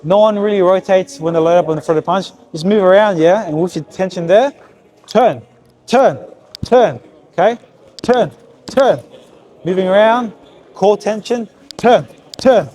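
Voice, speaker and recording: A man works as a boxing coach in a gym. His voice sits high for a man, and he keeps firing brisk, repeated cues to his fighter. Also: darkish tone. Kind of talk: hands-on coaching session. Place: boxing gym with heavy bag.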